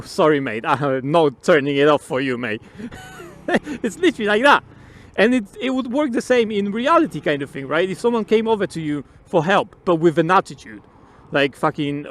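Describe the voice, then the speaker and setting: A man's voice: high-pitched, a bit bright. A man riding outdoors on a motorbike, giving his opinions in a rambling, casual way, swearing freely and laughing often. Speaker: motovlogger.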